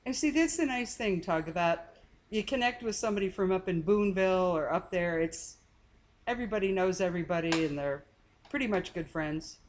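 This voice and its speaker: A woman's voice: on the low side, fairly quick, a little hiss or hum. A woman co-hosting a casual live stream, greeting viewers by name and teasing her husband. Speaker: co-host reading chat.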